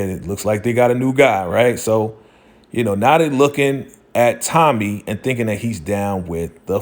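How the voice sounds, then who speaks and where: A man casually recapping a TV episode, acting out the characters' lines in a loose, slangy way. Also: lowish voice. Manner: animated retelling, acting out quotes with slang. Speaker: TV show recap host.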